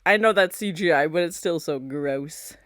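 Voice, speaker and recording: A woman hosting a reaction video. She comments in an animated, chatty way and often squeals and laughs. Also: low voice, moderate pace, very noisy. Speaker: host.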